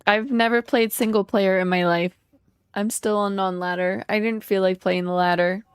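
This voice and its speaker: Speaking at a medium pitch and normal speed, this woman has a smooth voice with no echo. She's streaming a game live, chatting in a relaxed way with her viewers and humming as she plays.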